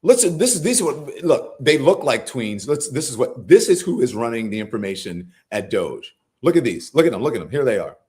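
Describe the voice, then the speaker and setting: A man's voice: medium pitch, big pitch swings, brisk, hardly any pauses, darkish tone. A middle-aged man hosting a live political commentary show, scolding and incredulous, swearing freely as he argues. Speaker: host.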